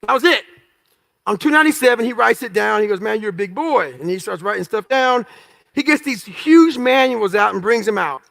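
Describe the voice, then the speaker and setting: A man's voice: very high voice, lively intonation, brisk, vocal fry, a bit bright. A man giving a motivational talk, telling stories from his life bluntly and with profanity, acting out the voices of other people in them. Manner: acts out quoted dialogue in story. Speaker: motivational speaker. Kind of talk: storytelling talk to an audience.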